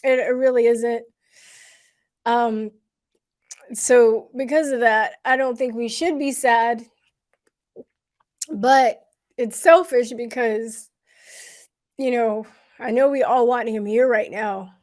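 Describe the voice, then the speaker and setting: A woman hosting a casual livestream, talking to viewers with many pauses, fillers and restarts, and growing emotional at times. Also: a little high, steady tone, a little mellow. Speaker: livestream host.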